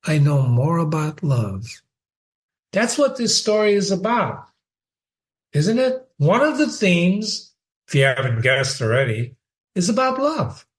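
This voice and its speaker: A man talks through a short story in a relaxed lesson, pausing often and asking his listeners one question after another. His voice sits a little high for a man, and his delivery is unhurried and deliberate. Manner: slow, questioning, animated with rhetorical questions. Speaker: literature teacher. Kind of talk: casual spoken literary analysis.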